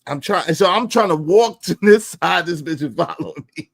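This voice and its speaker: A man telling a personal story in profane street slang, swinging between low mutters and loud outbursts. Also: normal speed, creaky. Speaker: podcast storyteller. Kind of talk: animated storytelling.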